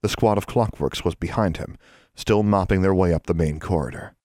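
A man narrating an audiobook in an even, measured storytelling manner. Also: deep voice, dry recording, studio quality.

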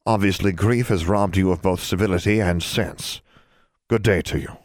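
A man voicing a composed, middle-aged witch and mother who speaks in an even, measured tone. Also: low-pitched, no echo, studio quality, lightly acted. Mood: calm.

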